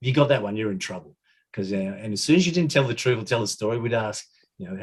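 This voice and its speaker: Fast, husky-voiced Australian man telling footy yarns. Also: lowish voice, lively intonation. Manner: rambling, chuckling anecdotes with many restarts. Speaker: podcast guest, former footballer. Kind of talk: casual storytelling.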